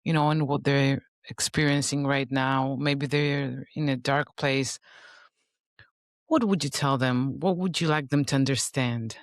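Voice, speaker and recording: A man hosting a podcast, gently asking questions and prompting his guest. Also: medium pitch, fairly even intonation, unhurried, dry recording, clean studio sound. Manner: gentle, prompting, with frequent soft backchannels. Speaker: podcast host. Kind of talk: interview questions.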